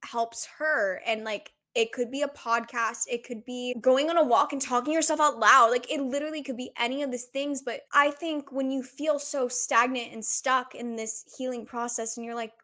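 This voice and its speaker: A woman's voice: a little high, steady tone, normal speed, hardly any pauses, pushed and bright. Young female podcast host with a raised voice, heartfelt and confessional, casual solo delivery. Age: 20s. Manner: earnest, confessional, says "like" often.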